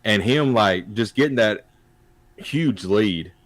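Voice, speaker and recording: A man co-hosting a sports podcast, rambling and restarting his sentences. His voice sits fairly low, and the recording is dry and close, with no room sound. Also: lively intonation, takes it slowly, no room sound. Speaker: podcast co-host. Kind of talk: casual chat.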